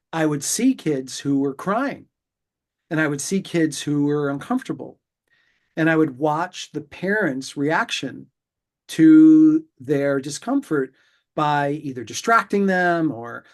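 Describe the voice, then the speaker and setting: A middle-aged man from New York, a pediatrician, explaining his views in a measured, reflective way, with pauses and restarts. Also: a little high, animated. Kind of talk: conversational interview explanation.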